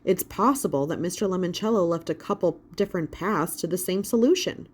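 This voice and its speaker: A woman's voice: on the low side, a little fast, breathy edge. Woman voicing a laid-back joking boy.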